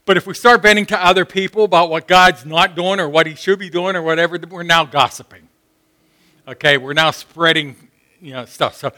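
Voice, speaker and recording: A man preaching a sermon, impassioned and rising to shouts when he acts out prayers. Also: sits high. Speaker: pastor.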